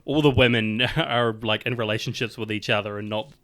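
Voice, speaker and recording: A man's voice: on the low side, fairly even intonation, brisk, fairly bright tone, no room sound. A young man chatting casually as a podcast co-host, rambling with lots of fillers and frequent laughs. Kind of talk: casual chat.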